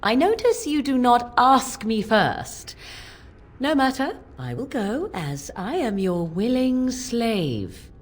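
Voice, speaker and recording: Brief: wry, aloof mage, lively and husky. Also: female voice, a little high, slow, exaggerated voice. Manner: archaic, sardonic. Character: wry, aloof woman mage, dry wit.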